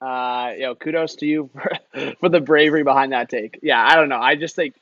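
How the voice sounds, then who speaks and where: A young man talks hockey on a live stream, easygoing and rambling, tossing in "like" and "man" as he replies to chat. His voice sits at an ordinary pitch with a bright edge. The recording is dry and a little dull. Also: fairly even intonation, brisk, no room sound. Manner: chatty, reads and answers chat, lots of "like" and "man". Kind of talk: casual live-stream commentary.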